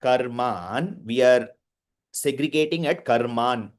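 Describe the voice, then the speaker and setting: A man's voice: mid-range voice, expressive, measured pace. A man teaching Sanskrit pronunciation, drilling verses syllable by syllable with short explanations. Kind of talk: pronunciation lesson, call-and-repeat recitation.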